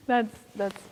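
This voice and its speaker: A woman in her thirties with a Southern accent, a pastor answering interview questions in a soft-spoken, thoughtful way with frequent laughter. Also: sits high, breathy edge, in a large hall. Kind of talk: casual interview.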